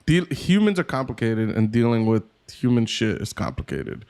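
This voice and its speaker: A man's voice: mid-range voice, animated, normal speed, darkish tone. A man co-hosting a podcast in casual chat, thinking aloud with many restarts. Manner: rambling, many fillers and restarts, self-questioning. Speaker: podcast co-host.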